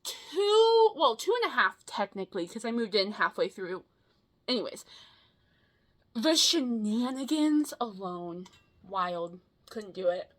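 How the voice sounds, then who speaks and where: A young woman in her twenties telling a rambling personal story in a casual vlog, animated and quick to swear, with lots of fillers. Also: medium pitch. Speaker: vlogger.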